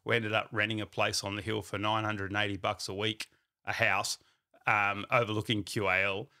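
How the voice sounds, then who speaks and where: This is a man with a fairly low, gravelly voice. His tone is bright and forceful, and he tells his story as a company founder in a relaxed, chatty way. He brings his anecdotes to life by acting out what people said to him. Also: moderate pace. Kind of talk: casual storytelling.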